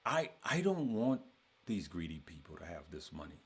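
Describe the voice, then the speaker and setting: A man's voice: lowish voice, lively intonation, moderate pace. A man hosting a trading course, talking casually to his members and repeating phrases for emphasis.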